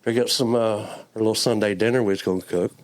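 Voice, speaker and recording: A man giving an earnest personal faith testimony as a church guest. He talks haltingly, often repeating his words, and sounds close to tears. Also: fairly low pitch, fairly even intonation. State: emotional, near tears.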